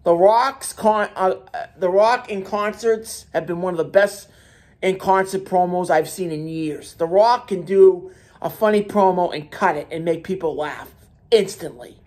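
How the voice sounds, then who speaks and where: At a measured pace, a man with a high-pitched, slightly mellow voice gives a solo wrestling opinion rant on the commentary channel he hosts. He sounds heated and emphatic, repeats his points, and restarts words.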